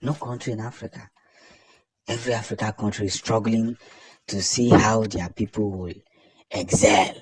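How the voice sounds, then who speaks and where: A Nigerian-accented man delivers fervent political commentary in a husky, somewhat low voice. He hammers his points through repetition and swells into loud declarations. The sound is close and dry. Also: fairly even intonation, moderate pace, pauses often, no echo.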